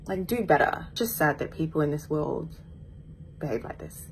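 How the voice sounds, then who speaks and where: A woman's voice: deep voice, expressive, slow, long pauses, slight background noise, rough recording. A British woman from the UK speaking frankly and evenly in a personal vlog. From United Kingdom. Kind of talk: personal vlog recounting an incident.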